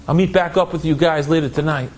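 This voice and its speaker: A man's voice: a little high, quick pace, a little hiss or hum, pitched below the performer's own voice, natural voice. A man voicing a rebellious young son who turns back to his family, speaking in pleading and anguished tones. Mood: reluctant. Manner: pleading, then anguished shouting.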